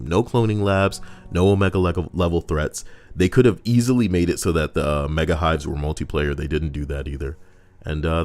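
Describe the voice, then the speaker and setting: Reading Reddit posts and ridiculing them in casual comedic commentary, this man speaks in a very low, deep voice. His sarcastic, crude remarks ramble into tangents, with gentle music faintly in the background.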